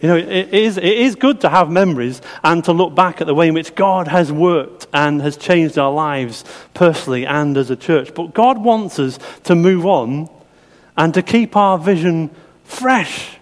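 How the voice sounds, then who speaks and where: Preaching conversationally, a middle-aged man keeps asking his listeners questions. He talks at normal speed with a somewhat high voice and lively intonation, and the hall adds a long reverb.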